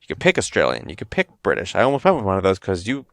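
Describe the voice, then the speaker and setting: A man with a fairly low voice chats on his podcast. He tells a long, animated story and keeps restarting his sentences. The sound is close and dry. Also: very fast, creaky, no echo. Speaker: podcast host. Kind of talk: casual chat.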